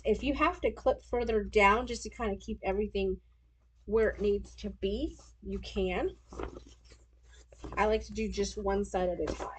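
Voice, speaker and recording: A woman's voice: mid-range voice, a little hiss or hum. A woman hosting a live sewing stream, chatting casually as she walks through each step. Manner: chatty, talks through her steps as she sews. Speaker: sewing livestream host.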